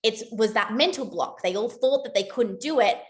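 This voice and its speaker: A young woman with a slightly high voice talks casually to her team, rambling and chatty. She keeps correcting herself mid-sentence and fills gaps with "like" and "um". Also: moderate pace. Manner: chatty, rambling, with many likes and self-corrections. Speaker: network marketing team leader. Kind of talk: casual motivational talk.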